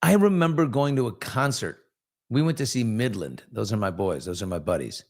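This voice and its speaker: A man's voice: fairly low pitch, lively intonation, normal speed, a little mellow. A man in his fifties hosting a casual live chat, reading viewer comments and telling candid, rambling stories. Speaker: host.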